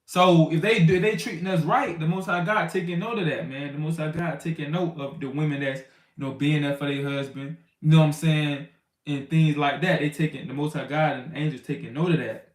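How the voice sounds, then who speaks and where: A man's voice: a little high, steady tone, a little fast, roomy sound. A man teaching from the Bible in a loose, conversational way, often asking "you know what I'm saying" and acting out household quarrels. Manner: acts out quarrels in raised, shouting voices. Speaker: teacher of a congregation.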